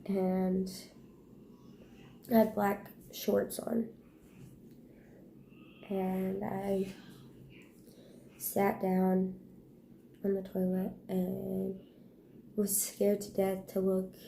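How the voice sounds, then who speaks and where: A woman vlogger telling a painful personal story in a halting, hushed way, pausing and restarting. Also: medium pitch, creaky, slight background noise.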